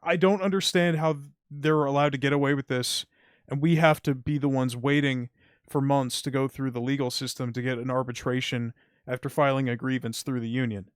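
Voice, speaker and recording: A man's voice: mid-range voice, flat delivery, fairly quick, clean tone, dry recording. Heated man venting, dry close sound. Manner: heated, swearing, frustrated venting. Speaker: streamer. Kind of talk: casual stream rant. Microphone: streaming mic.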